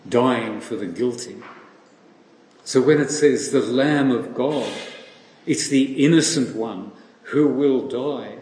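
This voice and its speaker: Slow-speaking preacher in an echoey hall. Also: male voice, mid-range voice, a little mellow. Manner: slow, reflective, with rhetorical questions. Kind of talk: sermon. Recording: echoey hall with faint ambience.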